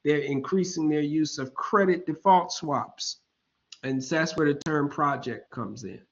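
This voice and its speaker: A man in his fifties teaches an online class, taking his time over every point and regularly pausing to ask if students are following. His voice sits a little high, and he talks at a slow, unhurried pace. The audio is dull and lo-fi, as though captured through a computer mic. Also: slight background noise. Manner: slow, deliberate explaining, keeps checking in with "all right?"; informal and joking asides. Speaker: lecturer. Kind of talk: online lecture.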